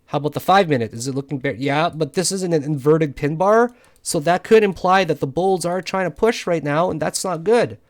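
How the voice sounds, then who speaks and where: A tired man giving live commentary on his trades, frustrated and swearing often as he thinks out loud. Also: fairly high pitch. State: tired from no sleep. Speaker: crypto day trader. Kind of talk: live trading commentary over charts.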